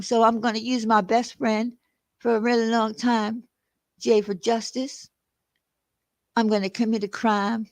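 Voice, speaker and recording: A sneaky male prank caller putting on a high, put-on Southern lady's voice, as a woman mimics him. The voice sits raised and loud, laid on thick and mocking. It comes across as a clumsy disguise that fools no one. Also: no room sound. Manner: mocking, exaggerated.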